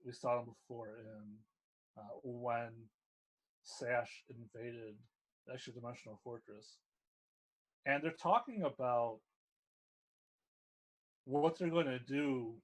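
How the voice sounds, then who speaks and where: Slow-paced game master narrating. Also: male voice, medium pitch, steady tone. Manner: unhurried descriptive narration with fillers.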